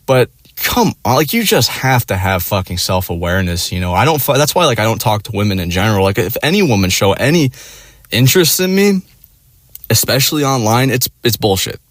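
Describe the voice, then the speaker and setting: Profane, rambling man with a lowish, dry voice. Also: fairly quick, no room sound. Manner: profane, rambling, full of "like" and "you know"; animated, acts out friends in quoted voices. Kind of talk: casual storytelling.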